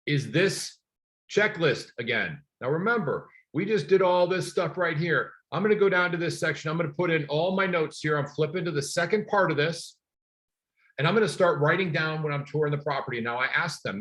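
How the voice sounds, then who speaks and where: Speaking a little high and fairly quickly, a middle-aged instructor coaches real estate agents in class. He's energetic and emphatic, drawing on personal anecdotes from his career.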